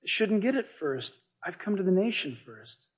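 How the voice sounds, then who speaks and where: A calm male teacher speaks gently and slowly, voiced by a preacher retelling a scene. The tone is high for a man and slightly husky. It stays soft and unhurried. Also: exaggerated voice. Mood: gentle.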